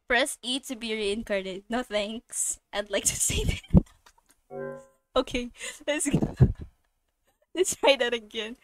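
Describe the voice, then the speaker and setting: Jittery young woman streamer, high and bright. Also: slow, no room sound. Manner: jittery, swearing, pleading, screams when startled. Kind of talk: live horror game commentary.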